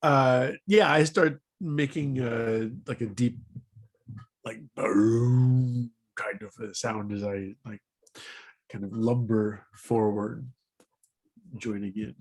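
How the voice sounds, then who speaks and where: A man's voice: mid-range voice, fairly even intonation, takes it slowly. A man playing a tabletop role-playing game, speaking partly in character, laid-back and amused. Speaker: player.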